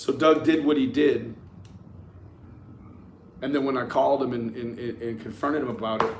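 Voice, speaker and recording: An adult man speaking to his online audience with plenty of swearing and animated energy. His sentences often stop and restart as he works through the story. His voice sits at an ordinary pitch, with faint background noise behind it. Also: moderate pace. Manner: profane, animated, frequent restarts. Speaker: YouTube commentator. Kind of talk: casual storytelling to camera.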